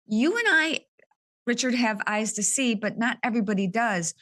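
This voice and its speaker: A woman hosts an interview show in an earnest, emotional way. Her voice sits a little higher than most women's. She speaks with open indignation. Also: lively intonation, moderate pace, a bit bright. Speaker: podcast host. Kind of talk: conversational interview.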